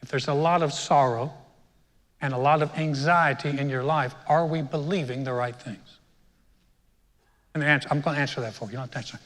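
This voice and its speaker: A hoarse man preaching a conversational sermon as pastor, joking and talking straight to his congregation in a church. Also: a little high, steady tone, fairly quick, long pauses, a bit bright. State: hoarse, sounds sick. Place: church sanctuary. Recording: long hall reverb.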